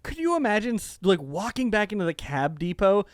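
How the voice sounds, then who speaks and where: A man co-hosting a podcast in casual chat, animated and profane, slipping into jokey impressions. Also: high voice, fairly quick, no echo, studio quality. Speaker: podcast co-host.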